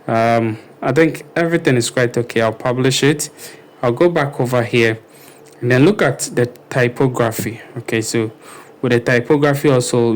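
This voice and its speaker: Guy doing a chill web design walkthrough, lots of ums and okays, mid pitch, bit of faint hiss. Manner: unhurried, many ums and okays, thinking aloud. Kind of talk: casual screen-recorded tutorial walkthrough.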